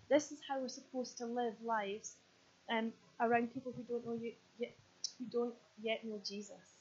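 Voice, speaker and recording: Brief: Scottish woman in her thirties, sermon, lively and earnest; dull-sounding recording. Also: a little high, moderate pace, husky. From Scotland. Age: 30s. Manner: lively, joking, then earnest and urgent. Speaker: preacher. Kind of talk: sermon with props and stories.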